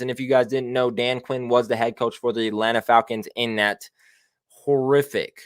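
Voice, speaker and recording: A man's voice: mid-range voice, no echo, clean studio sound. Brash, slangy male sports talk host. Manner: slangy and profane, with frequent "man", "bruh" and "baby"; brash, opinionated and excitable. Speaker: show host. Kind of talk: casual sports talk show commentary.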